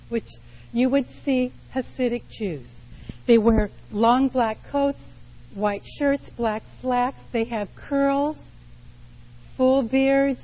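A woman preaching a sermon, telling stories slowly and deliberately with pauses. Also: fairly high pitch, muffled recording. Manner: slow, deliberate storytelling with pauses.

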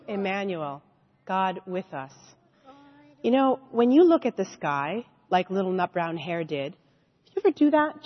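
A woman leading a children's sermon in a church, reading a story and asking the children questions. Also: mid-range voice. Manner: animated, asks children questions. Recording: dull echoey church hall.

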